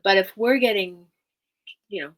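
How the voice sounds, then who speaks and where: A woman's voice: medium pitch, moderate pace. A woman therapist as a podcast guest, speaking earnestly and emphatically in a teaching manner and repeating key phrases.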